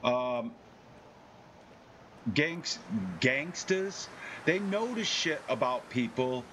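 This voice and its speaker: A man's voice: medium pitch, expressive, extremely slow, fairly bright tone, slight background noise. A man chatting casually on a live game stream, telling profane, boastful stories.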